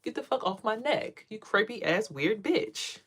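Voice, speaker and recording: Animated, cussing woman telling a story. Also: a little slow, breathy edge. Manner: animated, profane, acts out quotes in a high voice. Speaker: vlogger and tarot reader. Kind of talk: casual storytelling vlog.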